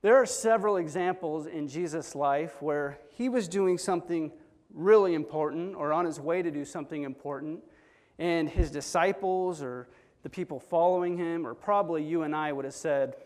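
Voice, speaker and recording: A man delivering a sermon with an earnest, storytelling delivery. His voice sits high for a man. The sound rings with the long reverb of a hall. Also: moderate pace, darkish tone. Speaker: preacher.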